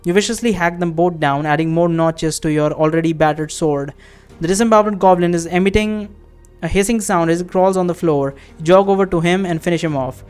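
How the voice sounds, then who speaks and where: A man with a fairly high, smooth voice reads a fantasy text game aloud in a let's-play. Between passages he breaks off into relaxed, offhand commentary, musing aloud and cursing now and then. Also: brisk, soft background music. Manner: casual, muses aloud and swears offhandedly. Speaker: game streamer.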